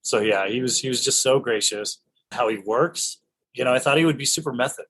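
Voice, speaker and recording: A middle-aged man from Idaho, an actor telling stories in an interview, enthusiastic and animated with frequent restarts. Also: mid-range voice, a little fast, slightly rough, poor audio. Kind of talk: casual storytelling in an interview.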